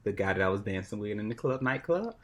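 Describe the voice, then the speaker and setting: Animated man telling a story. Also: fairly low pitch, fast talker. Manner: animated, drops to a hushed voice for suspense; peppers speech with "like". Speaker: podcast guest. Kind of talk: casual anecdotal storytelling.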